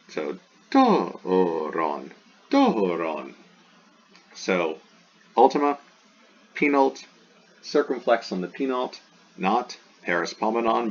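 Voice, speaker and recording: A man teaching a recorded lesson, spelling out terms slowly and showing real enthusiasm for the words. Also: lowish voice, a bit bright, slightly rough. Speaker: Greek teacher. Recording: dull lo-fi recording with faint hiss.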